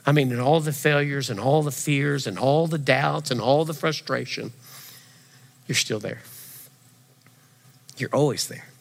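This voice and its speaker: Preaching pastor in a reverberant hall. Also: male voice, medium pitch, unhurried, vocal fry, long pauses. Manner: animated preaching, swings from loud emphasis to quiet intensity. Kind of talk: sermon. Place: church sanctuary.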